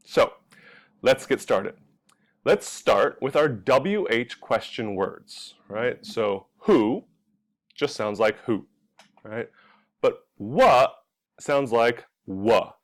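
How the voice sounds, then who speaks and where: A young man from California teaching English pronunciation, talking slowly and clearly and drawing out the example sounds. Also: mid-range voice, expressive. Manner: drawn-out, exaggerated sounds when modeling examples.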